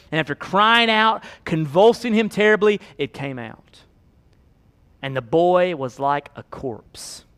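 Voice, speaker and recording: A man preaching a sermon as pastor, swinging from hushed, slow emphasis to loud, fast pleading. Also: fairly high pitch.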